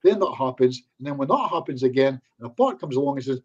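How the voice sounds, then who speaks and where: With lo-fi sound, a man talks fast and animatedly in a medium-pitched, darkish voice. He's a hypnotherapist appearing as a guest in a casual online interview, chatting freely and performing snippets of what clients say as quoted-voice asides.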